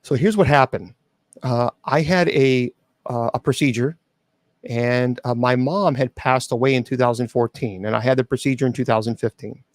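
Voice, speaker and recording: A man's voice: medium pitch, moderate pace, no echo. A middle-aged man hosting a show, earnestly telling a personal story to his audience with frequent restarts and fillers. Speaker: host.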